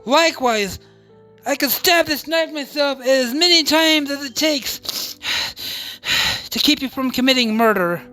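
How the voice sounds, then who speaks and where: A woman voicing a stubborn young man who talks in a measured, firm way, pitched lower than her own voice. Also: fairly bright tone.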